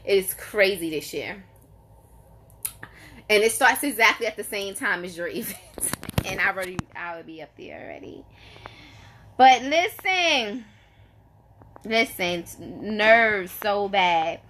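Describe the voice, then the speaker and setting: A woman's voice: mid-range voice, expressive, unhurried, pauses often, fairly bright tone, a little hiss or hum. A woman, telling a story to her live chat in a casual, emphatic, exasperated way, repeating herself for effect. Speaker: vlogger greeting live viewers.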